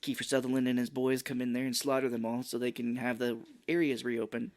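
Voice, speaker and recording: A man's voice: medium pitch, flat delivery, fairly quick, a little mellow. A man co-hosting a film podcast, chatting casually in a rambling, jokey way and laughing often. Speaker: podcast co-host. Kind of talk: casual movie review chat.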